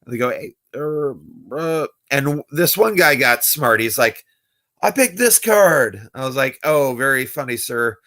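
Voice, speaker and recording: Slightly slow and sharp in tone, this young man's mid-range voice carries his casual late-night livestream as a magician. He tells stories and performs the quoted people in them.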